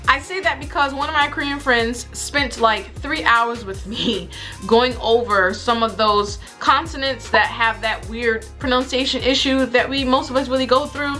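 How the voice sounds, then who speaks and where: A young woman with a high, bright voice chats straight to camera in a casual vlog. She talks in an animated, exasperated, joking way, and faint music plays underneath. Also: normal speed. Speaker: vlogger. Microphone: camera mic.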